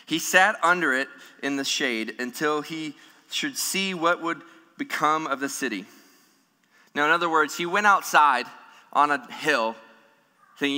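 A man's voice: mid-range voice, measured pace. Guy preaching in a church hall, acts out voices in the story, lots of echo. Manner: animated preaching, acting out voices of people in the story. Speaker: pastor. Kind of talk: sermon. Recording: long hall reverb.

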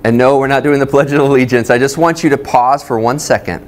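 Guy pastor giving a sermon at church, mid pitch, chatty and talking right to the people. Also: fairly even intonation, fast talker, hardly any pauses, slight background noise. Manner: conversational, addresses listeners directly. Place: church service, streamed online.

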